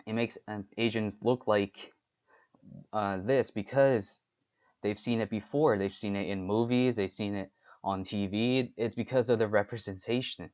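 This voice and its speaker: A young man hosting a solo talk, speaking haltingly with frequent restarts and fillers. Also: fairly low pitch, fairly even intonation, darkish tone, lo-fi sound. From United States. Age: young adult. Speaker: podcast host. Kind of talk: unscripted solo talk on stereotypes.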